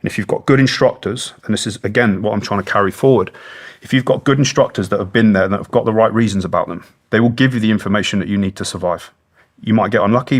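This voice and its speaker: A British man in his thirties, a former soldier telling his story as an interview guest in an earnest, plain-spoken way, swearing freely. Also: fairly low pitch. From Britain. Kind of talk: long-form interview storytelling.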